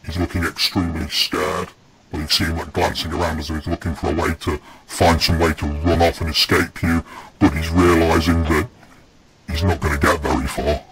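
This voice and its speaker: A man's voice: a bass voice, level tone, a little fast, over loud music, poor audio. A man narrating a tabletop game as game master, describing the scene evenly and unhurriedly.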